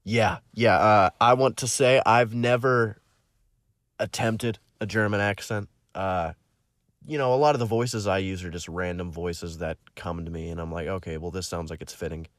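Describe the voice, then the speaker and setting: A man's voice: lowish voice, fairly even intonation, measured pace, fairly bright tone, no room sound, clean studio sound. A young man who narrates audiobooks, talking casually to his listeners after finishing a book, rambling with lots of fillers and restarts. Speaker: audiobook narrator and channel host.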